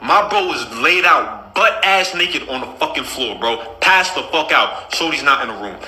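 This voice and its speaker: A man on a podcast telling a comic story in a casual, profane, animated way. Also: on the high side, normal speed, reverberant, poor audio. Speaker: podcast host.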